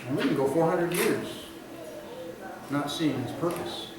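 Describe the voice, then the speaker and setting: A man preaching a sermon as the pastor, telling stories and building to loud emphatic peaks before dropping to quiet, drawn-out phrases. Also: fairly high pitch, animated, a crowd in the background. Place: church sanctuary. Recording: echoey hall, recorded from far off, audible room noise.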